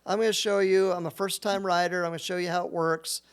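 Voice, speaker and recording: A woman's voice: lowish voice, fairly even intonation, fast, clean tone, lightly acted. A man voicing a chirpy young girl eager to show off her new board.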